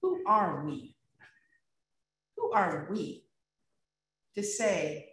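Woman preacher, unhurried sermon delivery, plain-spoken retelling with rhetorical questions; distant, heavily reverberant recording. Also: fairly low pitch, sing-song, a bit bright. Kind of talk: sermon retelling a scripture story. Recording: very echoey room, distant mic.

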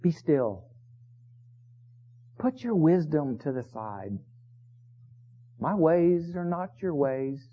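Male pastor, sermon delivery, high lively voice, hushed then booming, lo-fi tinny phone-like sound. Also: slow pace, long pauses, breathy edge. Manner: preaching, swinging from hushed to loud emphasis.

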